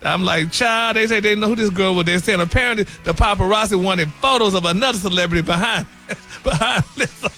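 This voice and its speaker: A man's voice: sits high, a little fast, pushed and bright, faint music behind. A flamboyant man hosting a celebrity gossip segment on a radio morning show, sassy and laughing, calling everyone honey and baby. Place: radio studio.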